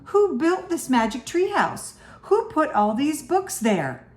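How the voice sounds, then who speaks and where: A woman's voice: high voice, sing-song, slow, voice pushed up, exaggerated voice. A woman voicing a thoughtful, puzzled young boy in a storybook reading. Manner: questioning.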